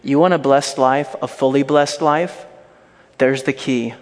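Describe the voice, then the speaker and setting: A man's voice: mid-range voice, steady tone, unhurried. A man preaching a sermon with emphatic, repetitive exhortations and occasional humorous asides. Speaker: pastor. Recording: reverberant hall.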